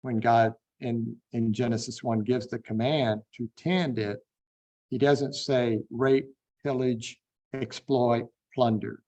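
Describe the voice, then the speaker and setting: A man teaching a Bible class, unhurried and thinking aloud with frequent fillers. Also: medium pitch, steady tone, darkish tone. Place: online classroom.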